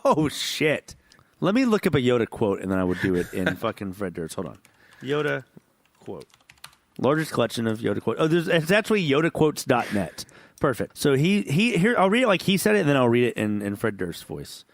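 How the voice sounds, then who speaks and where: A man's voice: medium pitch, big pitch swings, brisk, no echo, clean studio sound. A man co-hosting a podcast in casual chat, tipsy, rambling, profane and laughing often. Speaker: podcast co-host.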